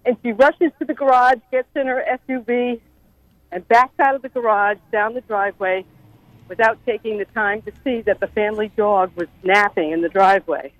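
A woman's voice: medium pitch, fairly even intonation, normal speed, no echo. A woman caller from Arizona telling a joke on a radio call-in show, chatty and upbeat. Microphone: telephone. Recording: tinny phone line.

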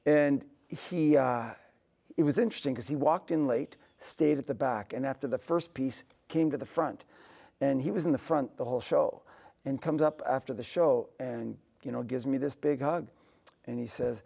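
Gravelly, mellow-voiced earnest man. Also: medium pitch, normal speed. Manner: earnest, drops to a soft near-whisper for emphasis. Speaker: composer and musician guest. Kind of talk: conversational interview storytelling.

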